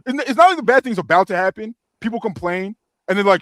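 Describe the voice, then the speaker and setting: A man's voice: sits high, animated, fast, fairly bright tone, dry recording. A man bantering and joking in slang on a casual wrestling podcast. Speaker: podcast co-host.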